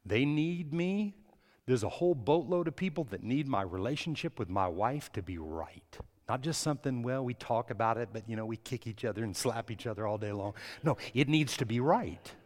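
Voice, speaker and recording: A man preaching a sermon as pastor, swinging between soft words and loud, impassioned stretches. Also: mid-range voice, expressive, fairly quick, hardly any pauses, big-room sound. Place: church.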